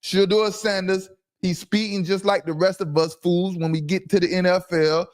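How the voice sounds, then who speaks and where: A man hosting a casual sports talk livestream from home, loud and brash, trash-talking his commenters. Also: high voice, level tone, normal speed. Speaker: podcast host.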